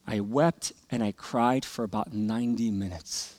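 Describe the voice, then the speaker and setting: A man's voice: medium pitch, steady tone, normal speed, few pauses, dry recording. A middle-aged man tells a personal story from the pulpit, earnest and emotional. His voice sits in an ordinary middle register. The sound is close and dry, with no room around it. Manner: earnest, emotional storytelling that swings from loud to hushed. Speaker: pastor. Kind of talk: sermon testimony.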